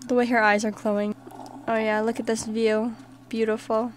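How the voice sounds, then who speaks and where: Chatty woman gamer, fairly high voice. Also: little pitch movement, normal speed, noisy background. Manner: chatty, reacts aloud to the game. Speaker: gaming channel host. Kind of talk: casual let's-play commentary.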